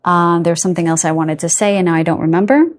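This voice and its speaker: A woman's voice: on the low side, fairly even intonation, fast talker. A middle-aged woman giving a pick-a-card tarot reading to her viewers, chatty and rambling, often losing her train of thought, openly affectionate to her audience.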